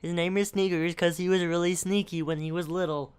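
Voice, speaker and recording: A young man co-hosting a podcast over a voice call, telling rambling, animated stories. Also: sits high, brisk, clear, resonant tone. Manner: rambling, animated, acts out family members. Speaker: podcast co-host. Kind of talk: casual chat, storytelling.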